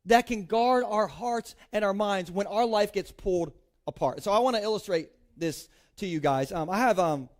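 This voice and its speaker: A man in his thirties from Delaware, preaching to a congregation in a casual, joking way with lots of playful asides. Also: high-pitched. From Delaware, United States. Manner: chatty, peppers speech with "like", playful asides. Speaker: pastor. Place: church stage before a congregation.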